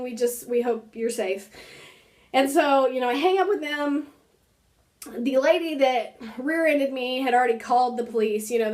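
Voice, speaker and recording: Young woman vlogging, high voice, lots of "like" and "you know", laughs a lot. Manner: animated, laughs often while recounting; many fillers like "like" and "you know". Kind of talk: casual storytelling to camera.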